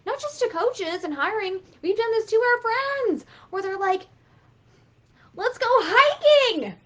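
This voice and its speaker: High, animated woman coach. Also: normal speed. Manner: animated, swears freely, acts out quotes. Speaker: business coach. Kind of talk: casual motivational talk.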